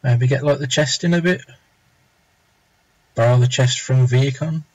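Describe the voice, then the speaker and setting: A man's voice: medium pitch, a little slow, no room sound, highs cut off. A young man chatting casually and rambling as he draws live on stream, muttering to himself now and then. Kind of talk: casual chat while drawing.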